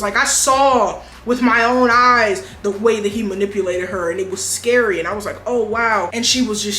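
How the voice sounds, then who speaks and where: A young woman telling a personal story to her channel in a frank, animated, casual way, laughing often. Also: mid-range voice. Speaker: YouTuber. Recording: echoey room.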